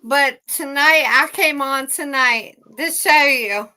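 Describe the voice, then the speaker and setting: A woman's voice: sits high, takes it slowly, pushed and bright. A woman co-hosting a casual livestream chat, ranting heatedly and swearing constantly.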